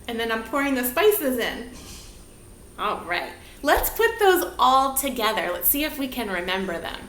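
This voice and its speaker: Slow, lively woman leading a kids' dance class. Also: fairly high pitch. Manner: slow, sing-song prompting questions to young children. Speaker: movement teacher. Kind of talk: children's movement lesson. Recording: echoey room, faint background hiss.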